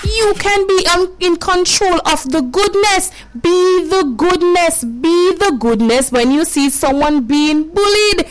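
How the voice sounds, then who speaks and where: A woman's voice: very high-pitched, takes it slowly, few pauses, over music, low-quality recording. A woman hosting a children's radio show, coaxing and preachy, repeating herself as she talks to the kids.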